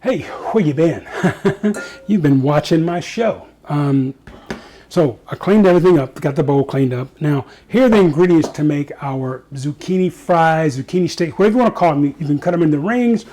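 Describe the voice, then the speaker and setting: A man's voice: on the high side, expressive, moderate pace, mellow, a little hiss or hum. A man hosting a casual home cooking show, chatting to viewers and joking at himself as he cooks in his kitchen.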